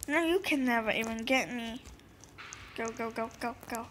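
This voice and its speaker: A woman's voice: fairly high pitch, moderate pace, fairly bright tone, a little hiss or hum. A young woman giving casual gameplay commentary, muttering to herself and bursting into panicked exclamations. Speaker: gaming video creator.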